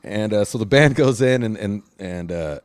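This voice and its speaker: A man's voice: on the low side, animated, moderate pace, dry recording. Rambling man telling stories, dry sound. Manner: rambling, swearing, acts out voices in stories. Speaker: podcast host and musician. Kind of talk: casual chat with storytelling.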